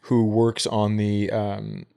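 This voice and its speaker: A man's voice: fairly low pitch, completely flat delivery, takes it slowly, gravelly, warm tone, clean tone. A man hosting a podcast, chatting casually with a wry, cursing manner. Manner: wry, swears freely. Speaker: podcast host. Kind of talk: casual chat.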